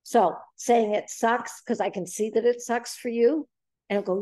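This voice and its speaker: In a boxing gym, a woman in her seventies leads a casual group talk, speaking at normal speed in a fairly high voice. She tells stories with animation and acts out quoted lines, captured in a dry, clean studio-quality recording.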